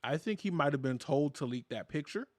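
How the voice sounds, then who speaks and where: A man's voice: a little high, animated, brisk, a little mellow, no room sound, studio quality. A man co-hosting a podcast in casual chat, laid-back and conversational, swearing now and then. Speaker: podcast co-host.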